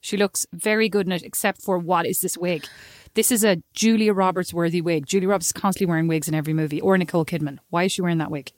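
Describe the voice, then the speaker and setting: A woman's voice: lowish voice, fairly even intonation, fast, a little mellow, dry recording, clean studio sound. Sarcastic woman in casual chat. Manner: teasing, sarcastic. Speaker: co-host reacting to a film trailer.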